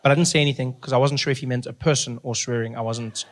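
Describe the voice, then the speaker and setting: A man's voice: mid-range voice, rapid-fire, slight background noise. A man from South Africa doing conversational stand-up storytelling. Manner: conversational, animated. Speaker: stand-up comedian.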